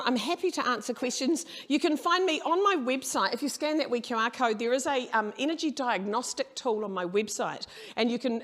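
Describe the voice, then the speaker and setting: A middle-aged woman giving a humorous keynote talk, brash and storytelling, swearing casually. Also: a little high. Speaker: keynote speaker. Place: conference hall.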